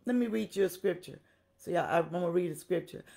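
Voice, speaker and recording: A woman's voice: on the low side, fairly quick, gravelly, warm tone. A woman preaching a sermon with passion, repeating phrases for emphasis and talking straight to her listeners. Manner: talks directly to the congregation.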